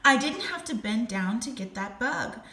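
High-pitched startled ostrich guy, a lady voicing him, squeaky and surprised. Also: animated, normal speed, bright, forceful tone, reverberant. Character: naive trusting male ostrich.

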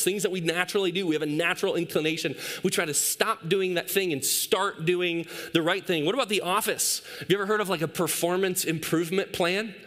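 A man in his thirties preaches from a church stage with a bright, forceful voice that sits a little high for a man. He tells family stories casually, slipping into playful quoted voices before turning to the lesson. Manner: storytelling with playful acted quotes of his toddler. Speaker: pastor. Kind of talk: sermon with personal stories.

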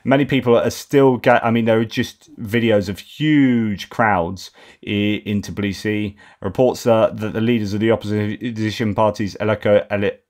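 Brief: English man, slightly low voice, casual host commentary, hesitant with restarts. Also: fairly even intonation, normal speed, darkish tone. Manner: hesitant, with frequent fillers and restarts over names. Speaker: host of a daily news update show. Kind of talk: unscripted news commentary read from reports.

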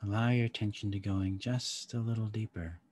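A man leading a guided somatic meditation, giving slow, calm, soft-spoken instructions with long pauses. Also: fairly low pitch.

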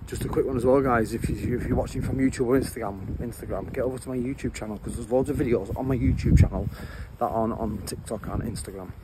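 A vlogger walks along a road filming himself on a handheld phone, talking bluntly in slang. His mid-range voice moves quickly with fairly even intonation and hardly any pauses, and outdoor traffic noise runs underneath.

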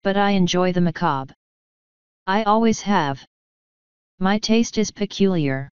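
A woman's voice: mid-range voice, animated, a little slow, clear, resonant tone, no room sound, natural voice. A woman voicing a cold, sneering aristocratic English lord, curt and disdainful. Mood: suave. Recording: dull dry recording.

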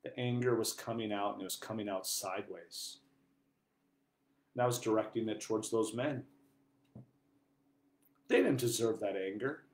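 A priest giving an earnest sermon, moving between quiet, hushed passages and loud, emphatic ones. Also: male voice, fairly low pitch, moderate pace, pauses often. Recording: echoey room.

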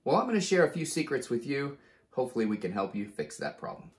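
A man hosting a casual how-to video, explaining each step slowly and checking in with "okay?" as he goes. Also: mid-range voice, wildly swooping pitch, over music. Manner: slow, deliberate step-by-step explaining; frequent "okay?" check-ins. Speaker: tech tutorial host. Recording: roomy, echoey room sound.

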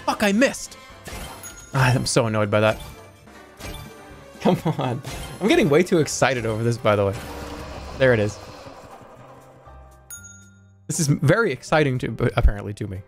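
Man, game streamer, lively swooping pitch, yelps and curses, faint music behind. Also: normal speed, pauses often. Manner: excitable, swearing, yelps and shouts when things go wrong; reads in-game dialogue aloud. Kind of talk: live gameplay commentary.

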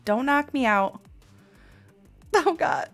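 A woman's voice: high voice, expressive, slow, soft background music. A woman in her thirties streaming a game live, chatting with viewers, laughing often and crying out while she plays.

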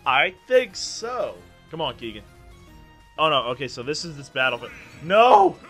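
A man hosting excited gameplay commentary, yelling and laughing at the plays. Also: medium pitch, moderate pace, faint music behind. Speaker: gaming channel host.

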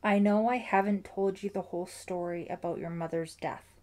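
A woman's voice: medium pitch, steady tone, normal speed, a little mellow, natural voice. A woman voicing a distraught protective father. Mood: anguished. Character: distraught middle-aged father, protective and grieving.

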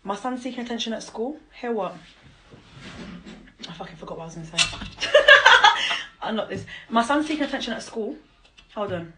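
A woman ranting at her child's father on a live stream, confrontational and mocking, swearing and bursting into loud laughter. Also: a little high, animated, brisk, pauses often, noisy background. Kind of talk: angry live-stream rant.

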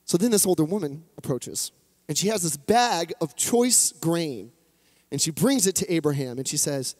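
A man's voice: a little high, expressive, moderate pace, a little mellow. A man preaching a sermon, retelling an old story in a chatty, humorous way with playful asides. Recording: long hall reverb.

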